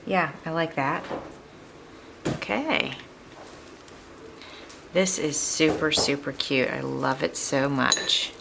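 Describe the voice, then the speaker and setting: A woman's voice: low voice, slow, creaky, long pauses, noisy background. A woman hosting a crafting tutorial, chatting in a casual, upbeat way and laughing now and then as she works. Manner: chatty, upbeat, laughs often while working. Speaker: craft video host.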